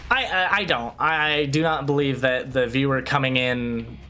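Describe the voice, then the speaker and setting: A man's voice: mid-range voice, normal speed, faint music behind. Ranting male streamer, swears freely. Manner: ranting, animated, swears freely, restarts sentences. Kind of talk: casual livestream chat over gameplay.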